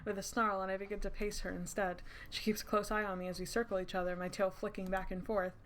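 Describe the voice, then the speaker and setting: A woman streaming a story game, reading its lines aloud and reacting with animated, giggly, casual chatter. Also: mid-range voice, fast, a little hiss or hum. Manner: giggly, animated, swears casually, breaks into laughter.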